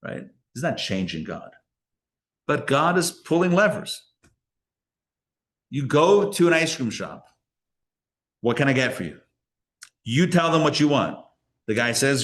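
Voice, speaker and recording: Rabbi guy chatting thru a live class, storytelling, lots of restarts, mid pitch. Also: a bit bright. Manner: conversational, anecdotal, with many restarts. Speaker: rabbi and teacher. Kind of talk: live lecture with stories. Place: live class in a Torah center.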